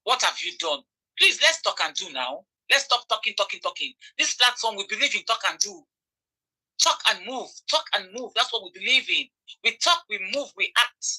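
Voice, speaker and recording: A woman's voice: fairly high pitch, big pitch swings, moderate pace, sharp tone, husky, poor audio. A Nigerian woman giving impassioned commentary, repeating phrases for emphasis and pleading with her audience. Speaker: online commentator.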